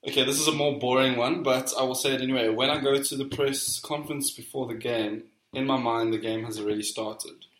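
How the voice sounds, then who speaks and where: A man's voice: mid-range voice, steady tone, a little fast, hardly any pauses, fairly bright tone. A man co-hosting a casual football podcast, playfully reading out quotes in a quiz. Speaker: podcast co-host. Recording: roomy echo.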